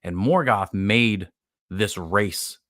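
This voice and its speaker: This is a man with a deep, low voice hosting a live podcast. He recaps a show in a loose, rambling way, full of fillers and casual profanity. The sound is dry and close, with no room around it. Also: slow, a bit bright, no echo. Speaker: podcast host.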